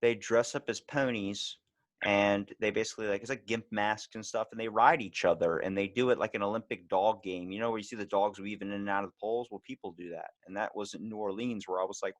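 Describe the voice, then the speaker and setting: A man from Baltimore with a Baltimore accent, hosting a casual podcast chat and telling stories with animated, acted-out quotes. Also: on the low side, quick pace. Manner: animated storyteller, acts out quotes loudly. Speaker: podcast host.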